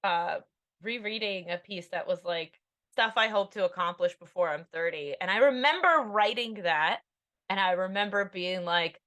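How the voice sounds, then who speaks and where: A woman's voice: on the low side, normal speed, fairly bright tone. A woman in her thirties, an author being interviewed on a podcast, talking candidly in a rambling, self-deprecating way with many fillers. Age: 30s.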